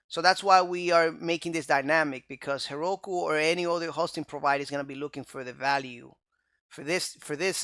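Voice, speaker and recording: Male coding instructor, screencast voice-over; smooth, bright timbre in a dry sound, chatty, keeps asking "okay?". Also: a little high, no echo. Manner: conversational, checks in with "okay?" and "right?". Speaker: programming instructor.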